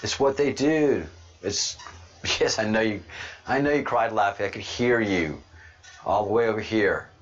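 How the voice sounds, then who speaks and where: A man from Ireland hosting a podcast, talking casually in an animated, rambling way and laughing often. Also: lowish voice, measured pace. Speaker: podcast host. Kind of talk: casual monologue. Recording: dull lo-fi recording.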